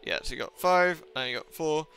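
A man's voice: a little high, fairly quick, sharp tone, faint music behind. A young man streaming a game live, rambling to chat with lots of swearing and exasperated asides. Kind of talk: casual live-stream chat while gaming.

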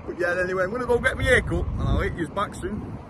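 A man in his 20s from England vlogs casually while walking city streets, with background noise behind him. His voice sits high and he talks fast and expressively. As a travel vlogger, he's chatty, blunt and jokey, swearing freely.

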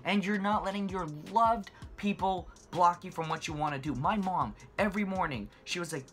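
A man's voice: sits high, normal speed, hardly any pauses, a bit bright. Impassioned man ranting about money. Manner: passionate, emphatic, repeats words for stress. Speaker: finance channel host. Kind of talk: impassioned money rant to camera.

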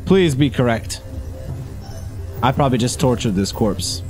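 A man's voice: mid-range voice, lively intonation, measured pace, over music. A man giving let's play commentary, muttering and swearing as he coaxes an on-screen dog along. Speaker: gameplay streamer.

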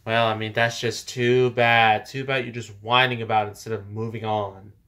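A man's voice: on the low side, flat delivery, moderate pace, fairly bright tone, close to an everyday voice. A man voicing a defiant male pro wrestler in a fan parody skit, lecturing and mocking his rival. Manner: mocking, lecturing put-downs.

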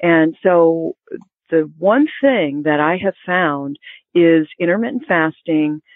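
Woman health expert guest, explanatory, mid pitch, phone-like dry sound. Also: lively intonation, slow pace, dry recording. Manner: explanatory, informative, with some restarts. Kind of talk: interview answers.

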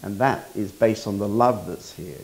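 A man, a spiritual teacher, reflecting calmly and in measured phrases during a conversation. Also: fairly low pitch, poor audio.

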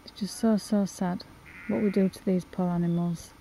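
A woman's voice: lowish voice, fairly even intonation, moderate pace, creaky, warm tone, a little hiss or hum. A woman filming outdoors on a farm, speaking in an upset, apologetic way to a mother sheep, with sheep bleating behind her. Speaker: animal sanctuary owner. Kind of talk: emotional outdoor vlog.

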